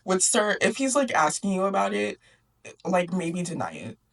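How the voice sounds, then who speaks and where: A woman's voice: fairly low pitch, big pitch swings, moderate pace, creaky, far from the mic. A young woman hosting a book club, recapping a story in a chatty, sarcastic way, often laughing and acting out the characters. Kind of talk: casual book recap and commentary.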